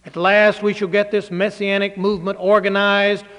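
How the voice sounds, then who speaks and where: A man voicing an eager male disciple in a sermon, rousing and excited. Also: high-pitched, normal speed. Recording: reverberant hall.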